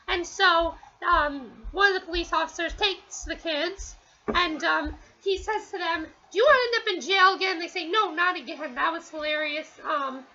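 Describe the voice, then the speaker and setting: A woman's voice: very high voice, bright, forceful tone, highs cut off. A woman giving a casual, rambling spoken review at home, with many fillers and restarts. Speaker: TV episode reviewer.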